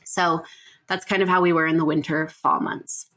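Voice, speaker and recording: A woman's voice: low-pitched, flat delivery, moderate pace, a bit bright. A woman in her thirties, hosting a podcast and telling a personal story in a casual, chatty way, with frequent self-corrections. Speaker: podcast host.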